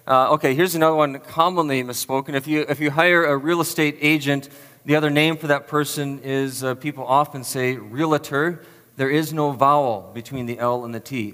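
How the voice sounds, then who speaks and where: A man's voice: mid-range voice, fairly even intonation, normal speed, bright, forceful tone. A man preaching a sermon to a live audience, chatty and self-deprecating, quizzing the crowd with questions. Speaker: pastor. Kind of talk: sermon with a playful word quiz. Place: church hall with an audience. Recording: long reverb of a large hall.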